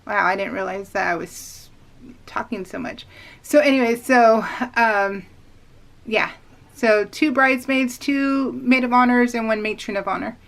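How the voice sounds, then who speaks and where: A woman's voice: on the high side, a little slow, gravelly, a bit bright. A woman talking casually to her viewers in a rambling voice-over, full of fillers and frequent laughter. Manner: rambling, lots of fillers, addresses viewers as "you guys"; laughs often while telling stories. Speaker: vlogger.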